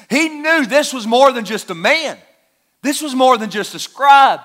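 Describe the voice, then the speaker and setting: A man's voice: extremely high pitch, a bit bright. A man preaching a sermon, explaining a scripture passage verse by verse with emphatic rhetorical questions.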